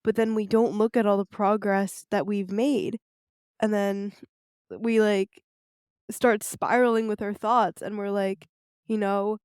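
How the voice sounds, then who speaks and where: A woman's voice: mid-range voice, little pitch movement, unhurried, darkish tone, clear, resonant tone, no room sound, clean studio sound. A teenage girl hosting a podcast, talking earnestly and reflectively, with frequent "like" fillers. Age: teens. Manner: earnest, reflective, says "like" often. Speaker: podcast host. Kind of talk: interview conversation.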